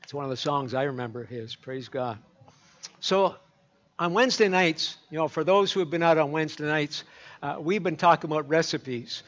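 A male pastor preaches in a folksy, rambling way, full of fillers and restarts. His voice sits fairly high for a man. The recording sounds dull and lo-fi. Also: normal speed, a bit bright. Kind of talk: sermon.

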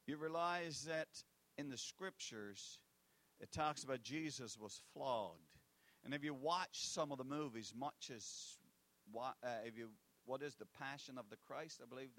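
A man preaching a sermon, swinging between loud declarations and hushed asides and repeating key phrases for effect. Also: medium pitch.

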